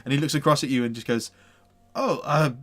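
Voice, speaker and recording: A man's voice: medium pitch, steady tone, very fast, a bit bright. Rambling male game master. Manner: rambling, full of fillers. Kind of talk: narrating a tabletop game.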